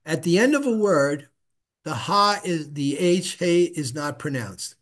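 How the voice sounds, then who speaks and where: A man's voice: a little high, animated, a bit bright. Patient man teaching Hebrew reading. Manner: patient, repeats syllables slowly for the student to echo. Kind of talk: casual one-on-one reading lesson.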